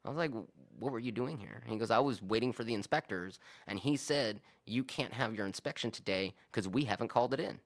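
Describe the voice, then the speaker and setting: Man, casual podcast storyteller, swears a lot, animated, acts out quotes, mid pitch. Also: fairly quick, hardly any pauses. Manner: animated, profane, acts out both sides of arguments.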